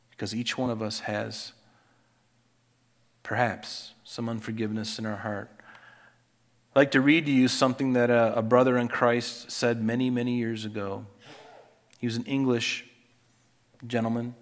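A male pastor preaching a sermon, building to loud, emphatic scripture reading and dropping to quiet appeals. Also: medium pitch, big-room sound.

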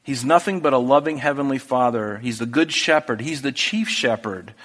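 A man's voice: mid-range voice, normal speed, fairly bright tone. A man preaching a sermon as a pastor, earnest and conversational, with restarts and asides. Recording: long hall reverb.

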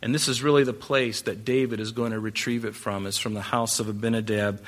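A man's voice: fairly low pitch, steady tone, fairly quick. A man preaching a conversational Bible-teaching sermon, with asides and rhetorical questions to the congregation. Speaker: pastor.

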